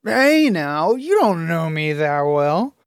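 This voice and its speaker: A man's voice: fairly high pitch, very animated, slow pace, gravelly, smooth, no echo, studio quality, exaggerated voice. A man voicing an old fishing man, hearty and shrewd, in an audiobook.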